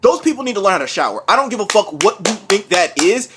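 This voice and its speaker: A man's voice: sits high, sing-song, fast, noisy background. A sick man coughing through a profane, heated rant on his vlog. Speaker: vlogger. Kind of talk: angry ranting vlog.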